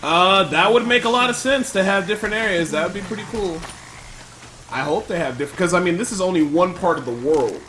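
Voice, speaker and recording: A man giving gameplay commentary, thinking aloud and loudly trash-talking enemies with plenty of swearing. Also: high voice, lively intonation, fairly quick, slight background noise. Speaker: let's play commentator.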